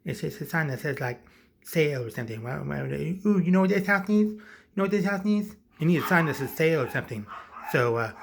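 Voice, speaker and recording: A man voicing a nervous, jittery clown man in a high, whiny, pleading voice for a comic movie recap. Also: expressive, fast talker, vocal fry. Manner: high, whiny, sing-song.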